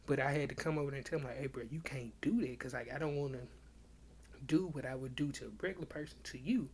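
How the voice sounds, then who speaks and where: A man's voice: mid-range voice, quick pace, slight background noise. A young man, a comedian hosting his own podcast, telling stories in loose slang and acting out both sides of old arguments in casual livestream chat.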